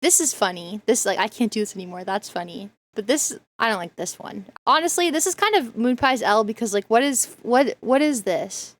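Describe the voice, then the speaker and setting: Woman streamer rambling and telling stories, higher voice, lots of "like". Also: animated, normal speed, hardly any pauses. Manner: rambling storyteller, many fillers. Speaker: streamer reacting to a video. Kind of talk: casual chat.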